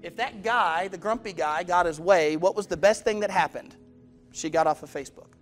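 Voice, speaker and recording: A preacher with a notably high voice delivers a sermon, pressing his congregation with direct questions and slipping into character voices as he tells his stories. Faint music sits quietly behind him in the church. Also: moderate pace. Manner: storytelling, acts out quoted voices. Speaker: pastor.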